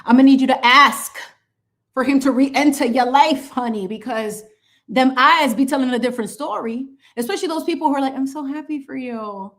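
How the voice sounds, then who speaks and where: This woman has a high voice and speaks fairly quickly while painting live for her channel. Her chatter is animated, sassy, and playful, full of side comments and bits of Spanish.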